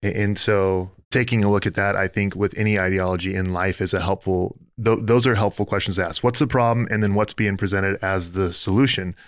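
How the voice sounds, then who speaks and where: A man's voice: low-pitched, steady tone, brisk, hardly any pauses, dry recording. Earnest preacher-like man, dry sound. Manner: earnest, preacher-like, builds lists and reads quotes aloud. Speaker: podcast co-host. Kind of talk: faith-based podcast discussion.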